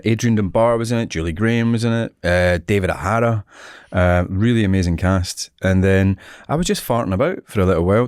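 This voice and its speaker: Scottish man with a very low voice. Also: clean tone, no echo, studio quality. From Scotland. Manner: animated, laughing often. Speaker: actor, guest. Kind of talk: casual interview storytelling.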